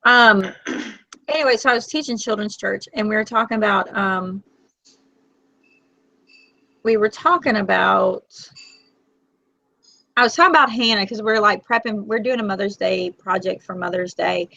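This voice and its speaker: Gravelly woman chatting, lo-fi. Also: mid-range voice, bright, forceful tone. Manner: chatty, emotional, quick to tear up. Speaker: host. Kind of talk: casual live chat. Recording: dull, lo-fi, dry.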